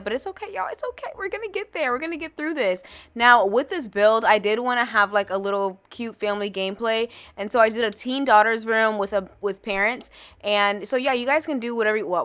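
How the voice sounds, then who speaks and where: Bright-voiced rambling woman gamer. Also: mid-range voice. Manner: rambling, chatty, self-questioning. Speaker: YouTube host. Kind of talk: casual gameplay voice-over.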